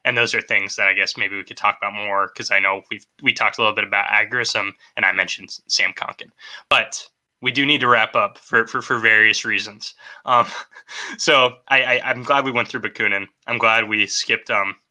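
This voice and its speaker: Rambling male co-host with a sharp, tense voice. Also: fairly low pitch, fairly even intonation, normal speed. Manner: rambling, loose and informal. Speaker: podcast co-host. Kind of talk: casual chat.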